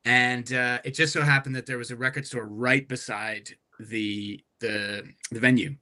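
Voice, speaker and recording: A man talking as a podcast guest, telling a rambling, animated story with many restarts. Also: mid-range voice, a little slow. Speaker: guest musician.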